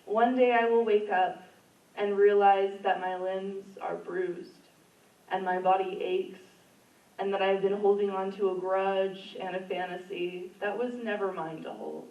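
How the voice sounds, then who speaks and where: A woman reading her own poems at an open mic in a library community room, in an earnest, emotional voice. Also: mid-range voice. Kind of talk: poetry reading. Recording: roomy, distant, dull room sound.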